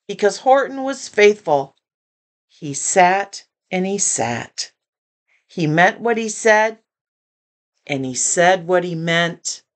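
An older woman reading a children's picture book aloud with gentle, chatty asides to young listeners. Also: lowish voice, big pitch swings, slow. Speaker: storybook reader.

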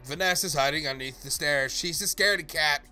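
A man's voice: a little high, a little fast, sharp tone, soft background music. A man live-streaming a game, chatting playfully and greeting viewers by name as he plays. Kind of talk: casual live-stream chat.

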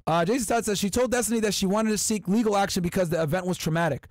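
High-voiced, combative podcast host man. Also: very fast, no echo, studio quality. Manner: emphatic, combative, profane. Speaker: podcast host reading viewer chats. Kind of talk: casual podcast chat.

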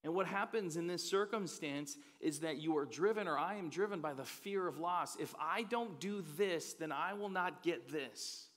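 A man's voice: fairly high pitch, normal speed, few pauses, a bit bright. A man preaching a sermon as pastor, casual and joking in a conversational way. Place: church auditorium. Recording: reverberant hall.

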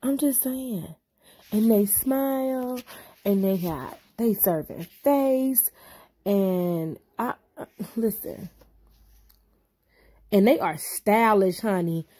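Young female vlogger, effusive and sassy, warm low tone, unhurried delivery. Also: husky. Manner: animated, sassy and effusive, addresses viewers as y'all and honey. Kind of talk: casual vlog chat.

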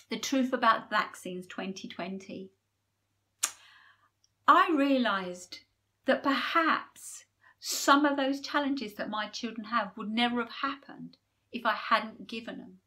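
Bright-voiced earnest woman forecaster. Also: a little high. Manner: earnest and openly emotional, with pauses. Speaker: numerology forecaster. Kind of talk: personal spiritual talk to camera.

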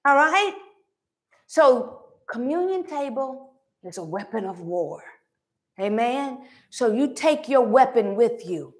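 A woman pastor preaching a sermon in a church, animated and full of call-and-response. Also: on the high side, slow pace. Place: church sanctuary.

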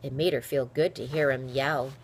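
A woman reading a children's novel aloud with expressive storytelling. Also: extremely low pitch, moderate pace, a little hiss or hum. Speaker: reader.

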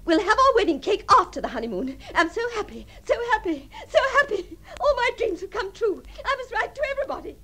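Deluded genteel spinster, high voice, lively swooping pitch, refined, breathy to giddy, radio play. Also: female voice, fast talker, few pauses, exaggerated voice. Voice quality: refined, swings between breathy tenderness and giddy excitement. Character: deluded lonely upper-class spinster dreaming of marriage. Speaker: the Princess. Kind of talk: radio drama acting.

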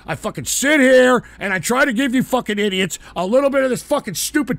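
A man hosting a live call-in show, profane and irritable, often breaking into shouted rants. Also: very high-pitched, lively intonation, fairly quick, gravelly, hardly any pauses, dry recording.

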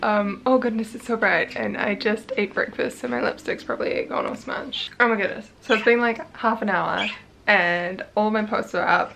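Talking to camera at a moderate pace, a young vlogger starting a business chats in a bubbly way, dropping plenty of "like"s and giggling. Her voice is on the high side, gravelly and fairly bright, with slight background noise.

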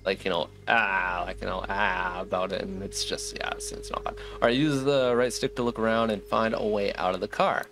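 A man's voice: on the low side, fairly quick, few pauses, background noise. A man giving laid-back, rambling commentary while streaming a game. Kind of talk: casual gameplay commentary. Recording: commentary over loud game sound.

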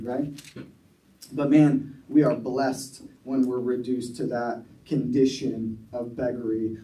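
A man with a medium-pitched, somewhat dark voice preaches a sermon at a recovery ministry. He tells a story earnestly and keeps restarting his sentences. The room is echoey and the mic sits far away.

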